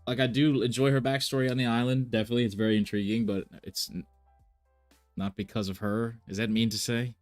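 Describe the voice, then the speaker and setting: A reaction streamer chats casually on a live stream in a mid-range, flat voice at a brisk pace. He thinks out loud, using lots of fillers and restarting sentences, with faint music in the background.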